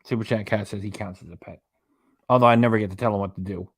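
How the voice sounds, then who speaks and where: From a small apartment, a man hosts a casual reaction livestream at a quick pace, his voice on the low side with fairly even intonation. Chatty, he reads viewer comments aloud and chuckles often between them.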